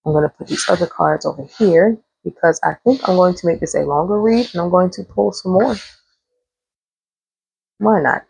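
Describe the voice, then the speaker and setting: Gravelly, husky woman giving a tarot reading. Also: on the low side, moderate pace, a little mellow, poor audio. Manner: rambling, chatty, swears freely. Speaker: tarot reader.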